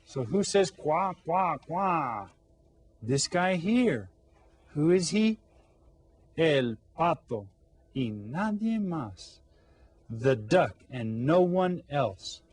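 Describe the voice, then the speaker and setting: A man's voice: on the high side, big pitch swings, slow, a little mellow, slightly rough. A man teaching a playful children's Spanish lesson, coaxing the kids with questions and mimicking animal sounds.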